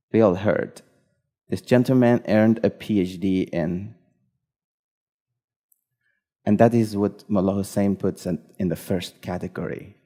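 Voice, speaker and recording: A man with a lowish, dark and mellow voice tells a story slowly at a live event. He lays it out in short, measured phrases.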